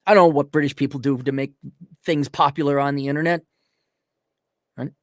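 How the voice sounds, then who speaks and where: A man's voice: medium pitch, fairly even intonation, fairly quick, no echo, clean studio sound. A middle-aged man hosting a ranting commentary, blunt, profane and mocking, with sarcastic put-on voices. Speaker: host.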